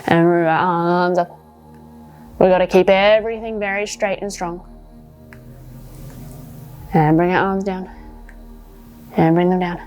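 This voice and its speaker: A woman's voice: lowish voice, fairly even intonation, measured pace, long pauses, darkish tone, faint music behind. A woman coaching children through yoga poses while telling a story, encouraging and instructive.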